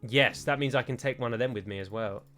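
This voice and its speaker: A man's voice: mid-range voice, fast talker, fairly bright tone, soft background music. A man playing a strategy game and commenting as he goes, chatty and thinking aloud with frequent digressions. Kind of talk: let's play commentary.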